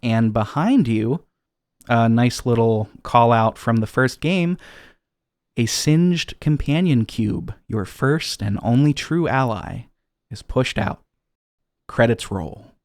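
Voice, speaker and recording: A man's voice: mid-range voice, lively intonation, slow pace, darkish tone, dry recording, clean studio sound. A man co-hosting a casual podcast, recapping a game's story with plenty of fillers and restarts. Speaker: podcast co-host.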